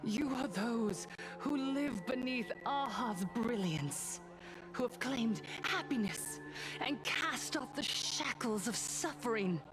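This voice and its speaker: Game role: a solemn woman preacher, unhurried and steady. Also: a little high. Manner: calm, solemn, measured preaching. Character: serene female preacher rallying a crowd. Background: game music.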